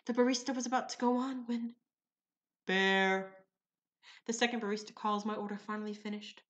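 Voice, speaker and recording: A woman's voice: on the high side, flat delivery, fast. A woman vlogger telling funny everyday stories in a theatrical, wry, playful way. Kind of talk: comic storytelling vlog.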